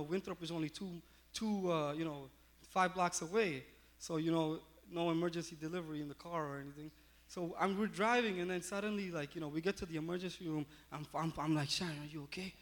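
Brief: male pastor, fairly high voice, animated storyteller, loose and chatty. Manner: animated storytelling with many fillers. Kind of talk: sermon.

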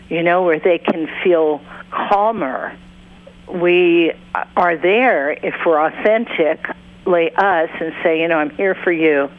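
A counselor and author speaks as an interview guest over a narrow, tinny phone line. The delivery is earnest and unhurried, dropping into quick put-on voices to act out what clients and parents say. The pitch sits in a middle range. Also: dry recording. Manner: unhurried, earnest, acts out quotes in other voices.

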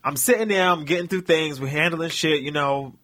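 A man's voice: on the high side, fairly quick, sharp tone. A young man co-hosting a podcast, telling a long story in casual chat, laughing and acting out what people said. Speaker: podcast co-host.

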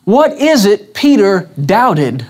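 A man's voice: high voice, sing-song, slow pace, darkish tone. A man preaching a sermon, repeating questions to his congregation with emphatic restarts.

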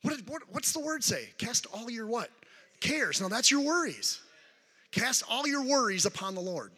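A man preaching a sermon as a guest speaker, calling out questions to the congregation and animated in delivery. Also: very high-pitched, moderate pace, slightly rough, long reverb tail. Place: church sanctuary.

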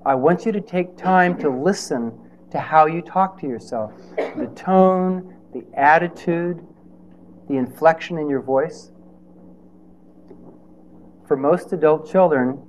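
A man's voice: fairly high pitch, slow pace, pauses often, darkish tone, lo-fi sound, slight background noise. A man preaching a sermon in a conversational way, with rhetorical questions and playful asides.

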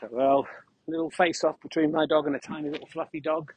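Walking his dog across open fields, a man rambles through a deadpan, mock-grandiose comic monologue into a mic he carries. His voice is fairly high, fairly quick, and slightly rough.

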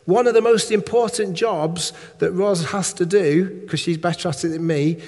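Male preacher, fairly high voice, chatty sermon delivery with quick asides, long echo of a church hall. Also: a little mellow. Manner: conversational, rhetorical check-ins and humorous asides.

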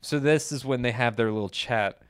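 A man's voice: mid-range voice, a little fast, clear, resonant tone, dry recording, studio quality. A man, a podcast guest, chatting casually and rambling with lots of fillers, often quoting movie lines in mock voices. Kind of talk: casual chat.

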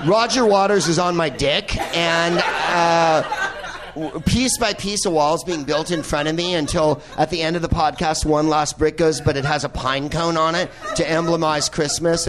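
Man, podcast host, profane, riffing, slightly high-pitched voice. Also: background noise. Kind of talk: live podcast movie talk. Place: old movie theater with audience.

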